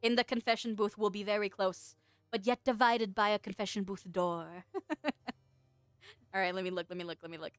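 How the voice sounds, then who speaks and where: In a smooth, echo-free recording, a young woman with a mid-range voice and fairly even intonation chats with her stream audience at normal speed. She reads their messages aloud and often breaks into playful giggles, with faint music underneath.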